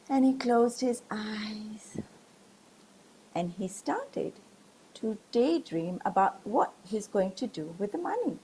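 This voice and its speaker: A woman telling a folk tale to children online, animated, with gasps and questions inviting listeners to join in. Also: medium pitch, slight background noise. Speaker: children's storyteller.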